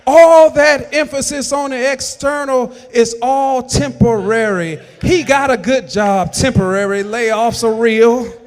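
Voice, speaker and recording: A man preaching a sermon as pastor, with emphatic delivery that swells into shouted lines. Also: very high voice, unhurried, few pauses. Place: church sanctuary. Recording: long church hall reverb.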